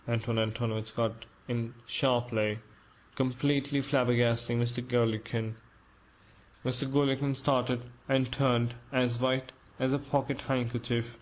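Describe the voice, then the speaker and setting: A man narrating an audiobook in a measured, even reading. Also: medium pitch, poor audio.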